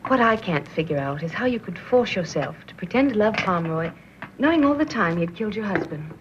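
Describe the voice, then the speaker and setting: Brief: a woman as a bright, comforting pal, lively lilt, old radio. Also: medium pitch, a little fast, close to an everyday voice. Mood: chirpy. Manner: chirpy and comforting. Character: chirpy, kind-hearted young woman. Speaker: cheerful companion. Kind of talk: 1930s radio drama acting. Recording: hissy, muffled 1930s radio recording.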